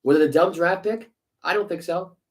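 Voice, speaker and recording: A man's voice: high-pitched, fairly quick, poor audio. A man co-hosting a sports podcast, ranting heatedly with profanity and sarcastic rhetorical questions. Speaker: podcast co-host. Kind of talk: casual sports podcast rant.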